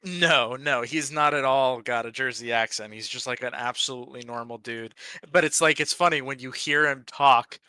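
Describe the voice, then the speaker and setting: A man chatting casually as co-host of a hobby stream, rambling with many fillers and pausing to search for names. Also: medium pitch, sharp tone, clear, resonant tone, no echo. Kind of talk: casual chat.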